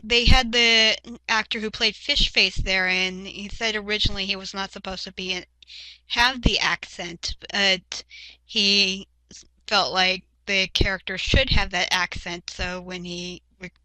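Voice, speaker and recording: Bright young woman, dry close sound. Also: medium pitch, steady tone, unhurried, no room sound, rough recording. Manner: chatty, shares trivia with hesitant fillers. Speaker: podcast co-host. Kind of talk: casual fan chat about a cartoon.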